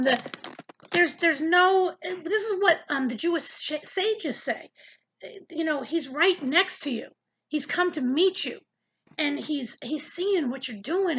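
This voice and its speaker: A woman's voice: very high-pitched, fairly bright tone, a little hiss or hum, low-quality recording. A woman giving a casual, earnest Bible study lesson, talking conversationally and often repeating words as she searches for the next thought. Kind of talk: casual Bible teaching to camera.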